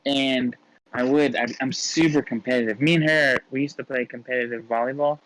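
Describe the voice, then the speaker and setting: A man's voice: mid-range voice, fairly even intonation, a little fast, fairly bright tone, a little hiss or hum, rough recording. A man guesting on a podcast, chatting casually and laughing often as he tells stories. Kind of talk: casual chat.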